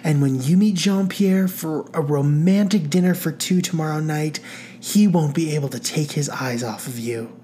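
A woman voicing an eager, gossipy woman friend, bubbly and excited. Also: low voice, normal speed, a little hiss or hum, voice pushed up, lightly acted.

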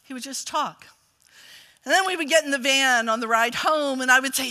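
A woman's voice: sits high, moderate pace, sharp tone. A middle-aged woman preaching a sermon as a guest speaker, telling family stories with humor and frequent laughs. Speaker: guest preacher, college president. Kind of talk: storytelling sermon.

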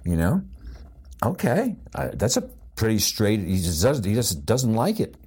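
Older man, husky deep voice, swoops up and down a lot, rambling anecdote, restarts and fillers. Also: measured pace. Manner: amused, lively retelling. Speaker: psychologist. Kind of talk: personal anecdote storytelling.

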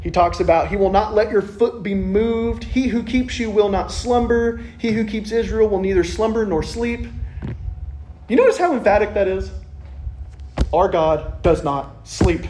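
Man with a high voice, preacher, chatty humorous sermon, echoey church room. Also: moderate pace, dark tone, slight background noise. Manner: conversational and joking, with wry asides. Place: church sanctuary.

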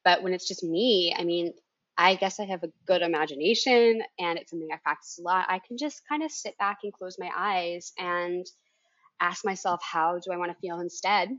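Low-voiced woman coach, encouraging, casual podcast chat, dry muffled audio. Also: normal speed, a bit bright, no echo. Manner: encouraging, coaching, expansive explanations. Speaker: founder coach, podcast co-host. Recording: dull, lo-fi dry sound.

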